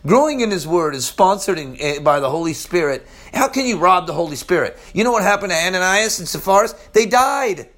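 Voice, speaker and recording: A man preaching an informal Bible-study sermon, swinging between loud exclamations and low, quiet murmurs. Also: lively intonation, a little fast, few pauses.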